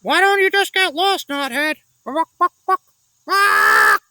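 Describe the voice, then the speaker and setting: Storybook parrot, male, rude and bossy, shrill squawking voice. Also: lively intonation, slow pace, bright, forceful tone, no room sound, clean studio sound, full character voice. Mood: screeching.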